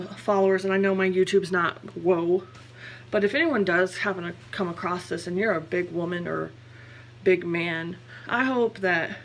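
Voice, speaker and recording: A young woman talks candidly in a personal vlog. She rambles and corrects herself. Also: lowish voice. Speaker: vlogger.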